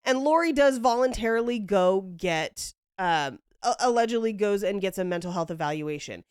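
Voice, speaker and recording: A woman's voice: mid-range voice, animated, moderate pace, clean tone, no room sound, studio quality. A young woman hosting a podcast, casually telling a story, acting out quotes and laughing often. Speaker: podcast host.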